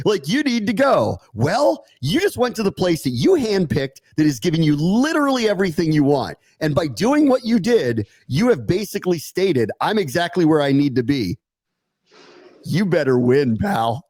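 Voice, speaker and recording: A man's voice: sits high, darkish tone, husky, dry recording. A man co-hosting a sports podcast, ranting with sarcasm in casual chat.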